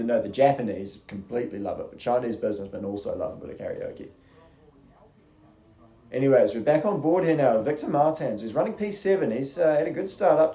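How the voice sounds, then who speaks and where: A man's voice: lowish voice, mellow, roomy sound. A young man giving casual, rambling race commentary on a live stream, chatty and swearing freely.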